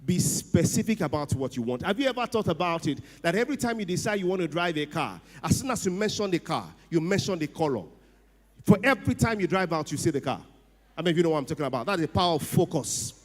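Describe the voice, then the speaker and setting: A middle-aged man with a Nigerian accent tells a funny story at a ceremony, animated and often laughing, dropping to a hushed voice for quoted lines. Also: a little high, fast. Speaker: speaker at a ceremony. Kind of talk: humorous storytelling speech. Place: event hall. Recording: long hall reverb.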